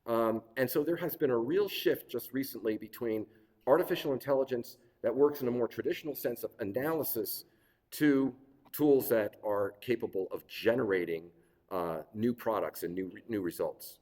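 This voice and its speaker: A middle-aged man giving a relaxed, digressive workshop talk with frequent fillers and restarts. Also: mid-range voice, moderate pace. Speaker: workshop presenter. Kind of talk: conversational lecture. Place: lecture hall. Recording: reverberant hall.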